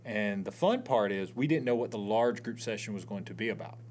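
A man's voice: on the low side, expressive, a little fast, darkish tone, slight background noise. A man co-hosting a casual chat, rambling and repeating his words.

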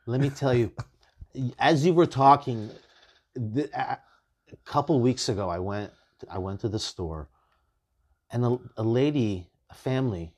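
A man's voice: mid-range voice, a little slow, long pauses. A man hosting a podcast, telling stories in casual chat and swearing freely. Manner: animated storytelling, swears freely. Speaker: podcast host.

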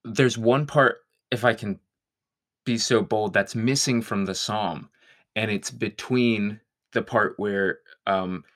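A man with a low voice speaks as a guest in an unhurried conversation. He is thoughtful and searching, and he laughs easily. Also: fairly bright tone. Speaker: guest songwriter. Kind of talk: reflective conversation.

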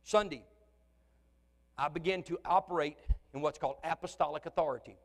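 A male pastor preaches briskly in a church sanctuary, his voice pitched high for a man. He drops from loud, animated delivery into quiet, conversational asides, all under a long, hall-like reverb.

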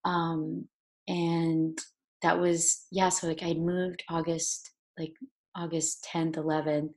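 A young woman actor in an interview, telling a personal story in a halting way with many restarts, at times tearful with her voice breaking. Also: deep voice, flat delivery, darkish tone. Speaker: actor guest.

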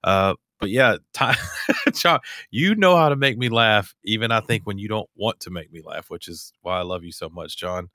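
A man's voice: fairly low pitch, lively intonation, normal speed, pushed and bright, no echo, clean studio sound. A man hosting a podcast, chatting casually, rambling and laughing easily. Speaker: podcast host. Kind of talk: casual chat.

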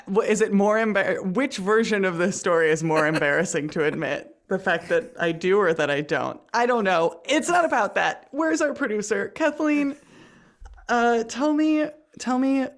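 A woman's voice: medium pitch, animated, normal speed. A woman co-hosting a podcast in casual chat, joking and swearing freely as she laughs along. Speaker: podcast co-host.

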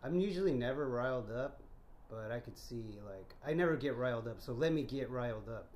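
A man's voice: mid-range voice, animated, a little fast, darkish tone. A young man co-hosting a casual podcast, joking in slang, swearing and laughing often. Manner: laughs often, slangy, calls people bro and dude. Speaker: podcast co-host. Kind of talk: casual profane chat. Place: house.

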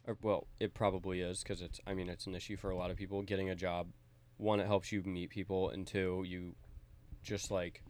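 A young college man with a very deep voice who talks in a relaxed, meandering way, leaning on fillers. He drops blunt jokes into casual chat with friends. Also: brisk. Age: young adult. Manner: laid-back, filler-heavy, blunt jokes. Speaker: podcast co-host, college student.

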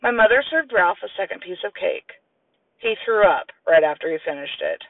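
Brief: animated male storyteller, gravelly, thin lo-fi radio quality. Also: normal speed, dry recording, recorded from a distance. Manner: lively, plays children's voices in high squeals. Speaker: audiobook narrator. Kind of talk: storybook narration with voiced characters. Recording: tinny, lo-fi, radio-like sound.

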